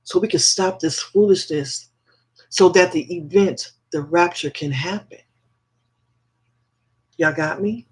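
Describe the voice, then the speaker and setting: A man hosting a spiritual livestream who leads viewers through slow, repetitive affirmations and greets them affectionately. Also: high voice, slightly rough. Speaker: livestream host.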